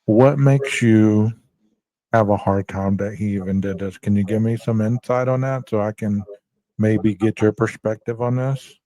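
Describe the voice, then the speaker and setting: A man hosting a casual true-crime podcast who reads viewer chat and talks in a measured way, often saying "you know". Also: fairly low pitch, steady tone, dark tone, no room sound, low-quality recording.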